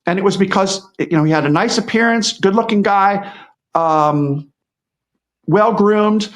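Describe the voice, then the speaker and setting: A guest commentator in middle age speaks a little slowly, his voice sitting high. His casual conversational remarks ramble, broken up by restarts and repeated words.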